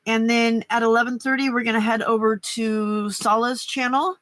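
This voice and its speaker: A woman's voice: a little high, steady tone, normal speed, fairly bright tone. An older woman hosting a late-night craft livestream, chatting casually with a stuffy nose, rambling and greeting viewers by name. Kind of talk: casual chat while crafting.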